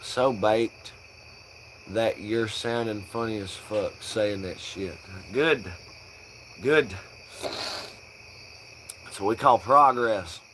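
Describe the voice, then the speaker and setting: A young man riffs on a casual live stream, loose and profane. His voice is bright and forward, and crickets chirp faintly in the dark outside. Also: on the low side, extremely slow, pauses often, slight background noise, poor audio. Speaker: livestream host.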